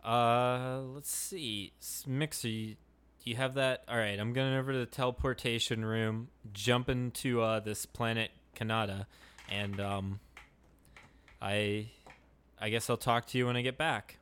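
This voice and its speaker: A man's voice: medium pitch, fairly even intonation, measured pace, a bit bright, clear, resonant tone. A man hosting a podcast and acting in an improvised comedy skit, talking in a rambling, hesitant way. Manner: hesitant and rambling, with many restarts and fillers. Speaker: podcast host.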